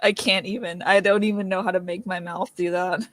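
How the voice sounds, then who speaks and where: A woman playing a tabletop game, spinning a playful, animated scheme for her character. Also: fairly low pitch, a little fast, dry recording. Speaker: player. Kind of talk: in-character tabletop role-play.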